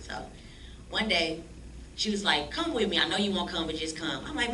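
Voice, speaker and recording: A woman telling her life story as a church guest, animated and slangy, acting out the voices of people she quotes. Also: fairly low pitch, a little fast. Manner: animated, acts out quoted dialogue in slangy speech. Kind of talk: lively storytelling testimony. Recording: echoey room, distant mic, faint noise.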